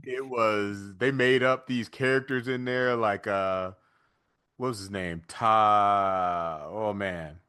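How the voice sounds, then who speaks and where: A man co-hosting a podcast in casual chat, retelling scenes with lively energy and quick asides. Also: fairly low pitch, clear, resonant tone. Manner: animated storytelling, acts out movie lines in put-on voices. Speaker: podcast co-host.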